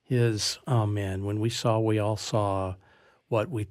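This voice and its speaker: Rambling low-voiced male sports host. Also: steady tone, takes it slowly, a little mellow. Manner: rambling, restarts often. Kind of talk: casual sports chat. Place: studio.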